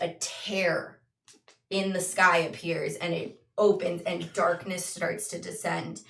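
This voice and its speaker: A woman runs a tabletop game, slowly painting each scene in words. Her voice sits a little low. She is heard from some distance in an echoey room. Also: creaky, a bit bright. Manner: slow, descriptive storytelling with restarts. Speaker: game master.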